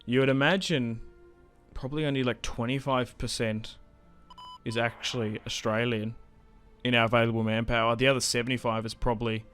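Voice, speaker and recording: A young man giving casual, chatty commentary while playing a strategy game, getting excited and laughing often. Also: mid-range voice, brisk, smooth, faint music behind. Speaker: gaming YouTuber.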